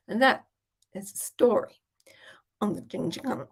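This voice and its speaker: Brief: Australian woman, regional accent, relaxed chatty Q&A host, gravelly and husky. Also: mid-range voice, takes it slowly, long pauses. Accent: Australian, regional Queensland. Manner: chatty, swears casually. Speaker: business coach hosting a Q&A. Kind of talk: casual live Q&A storytelling.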